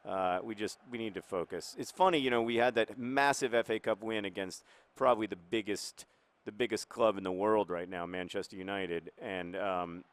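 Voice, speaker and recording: Male gameplay commentator in a mock-manager role, lowish voice, hesitant and rambling, earnest tone. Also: moderate pace, clear, resonant tone. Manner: rambling and hesitant, with many fillers. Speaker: video game commentator, role-playing as a football club manager.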